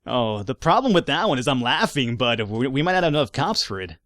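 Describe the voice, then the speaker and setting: A man's voice: mid-range voice, big pitch swings, fairly quick, fairly bright tone, no room sound, studio quality. A man giving casual gameplay commentary, reading in-game reports aloud between wry, sarcastic asides. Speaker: let's play gamer.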